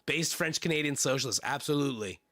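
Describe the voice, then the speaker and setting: A man's voice: medium pitch, animated, fast talker, bright, forceful tone, no echo, studio quality. A man streaming casually, reading news aloud with sardonic, profane asides and laughs.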